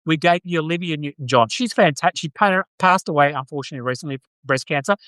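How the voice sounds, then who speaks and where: A man with an Australian accent talks casually to his live stream viewers in a slightly high voice. He rambles, restarts, and fills pauses with ums and uhs. The sound is dry and close, with no room echo. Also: fairly bright tone. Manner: rambling, many fillers and restarts. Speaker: podcast host on live stream.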